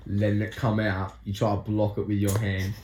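A young Australian man with a very low voice tells a story bluntly, swearing freely. He rambles loosely. The sound carries room echo and a faint hiss. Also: completely flat delivery, moderate pace, darkish tone. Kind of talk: casual chat. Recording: echoey room with faint noise.

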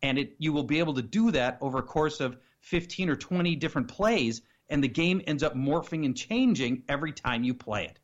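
A man's voice: fairly high pitch, lively intonation, a little fast, few pauses, lo-fi sound. A male fantasy football analyst, a guest on a casual radio interview, giving friendly, brief replies.

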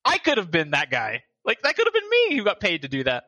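A man chatting casually about a video game, animated and swearing now and then. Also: extremely high pitch, fairly quick, hardly any pauses, no echo. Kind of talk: casual gaming chat.

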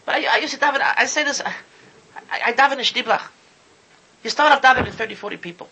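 A man's voice: very high-pitched, fast, gravelly, pushed and bright, husky, rough recording. A man giving an impassioned sermon, often stumbling over and repeating his words as he talks. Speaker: Torah speaker. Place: lives in Israel.

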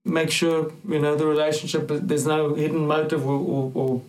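A man earnestly telling a personal faith testimony in a casual conversation, with halting starts and restarts. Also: a little high, completely flat delivery, a little mellow, low-quality recording. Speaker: Christian talk-show participant.

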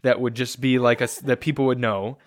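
A man's voice: medium pitch, fairly even intonation, brisk, no room sound, clean studio sound. A man co-hosting a car podcast, talking in a chatty, opinionated way about reviews. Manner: chatty, opinionated, lots of "like" fillers. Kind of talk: casual chat about cars.

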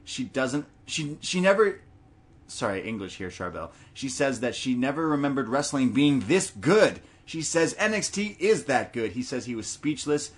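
A man's voice: medium pitch, lively intonation, normal speed, hardly any pauses. A man co-hosting a podcast in casual chat, reading listener messages aloud and laughing often. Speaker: podcast co-host.

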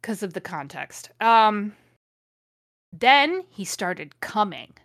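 A woman's voice: mid-range voice, sing-song, slow pace, a bit bright, no echo, clean studio sound. A woman podcast host reading a fanfic aloud with amused, sarcastic commentary. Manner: amused, sarcastic, laughs often.

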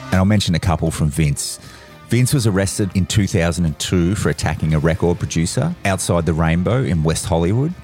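A man hosting a rock music podcast, reading out a scripted rundown in a brisk, list-reading delivery. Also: low voice, lively intonation, darkish tone. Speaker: podcast host. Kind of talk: scripted narration.

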